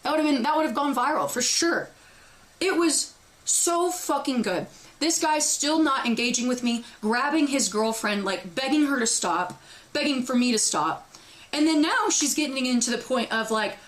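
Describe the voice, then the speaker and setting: A young woman streamer telling her chat a story in a loud, profane way, reenacting her own screaming. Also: sits high, lively intonation, normal speed.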